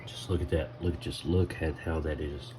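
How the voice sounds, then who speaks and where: With a bass voice that stays steady at normal speed, a Southern US man hosts a casual cooking video from his home kitchen. Folksy and friendly, he calls viewers y'all, and the background is noisy.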